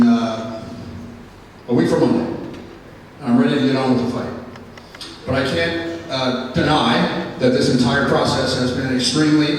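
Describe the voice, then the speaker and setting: A man stands in a school chapel and tells a personal story in an earnest, plainspoken manner, pausing often. His voice sits at an ordinary middle pitch. It is picked up from a distance and rings with the long reverb of the hall, with faint room noise behind it. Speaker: school staff member giving a chapel talk. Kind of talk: personal testimony speech. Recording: echoey hall from far off.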